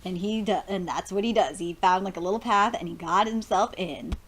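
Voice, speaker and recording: A young woman excitedly reviewing a cartoon episode, laughing often, swearing freely and acting out lines. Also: mid-range voice, fairly quick. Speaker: show reviewer.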